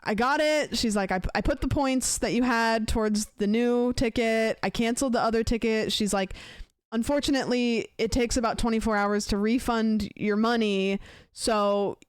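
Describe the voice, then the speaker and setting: A woman's voice: on the high side, normal speed, smooth, dry recording, clean studio sound. A young woman streaming, telling a long story in casual chat and acting out both sides of a phone call. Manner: rambling storyteller, acts out both sides of a conversation.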